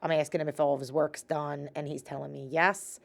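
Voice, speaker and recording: Middle-aged female podcast co-host, low-pitched, chatty, casual and laughing. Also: flat delivery, brisk, gravelly. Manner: chatty, laughing, quotes people in voices. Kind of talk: casual chat.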